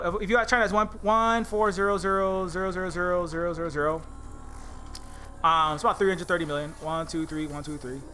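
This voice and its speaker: A man's voice: high-pitched, bright, forceful tone. A man ranting angrily on a livestream, swearing often and stumbling over his words with repeated restarts. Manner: angry, profane, stammering restarts. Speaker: indie game developer streaming live. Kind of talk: heated political rant on a livestream.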